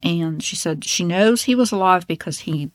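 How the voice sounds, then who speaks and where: Low-voiced woman narrating true crime. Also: normal speed, no room sound. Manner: blunt, opinionated, swears in asides. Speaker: true crime podcast host.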